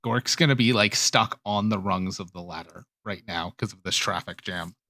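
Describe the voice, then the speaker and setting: A man running a tabletop game as game master, talking rules in a relaxed way with lots of fillers. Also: low voice, normal speed, dry recording.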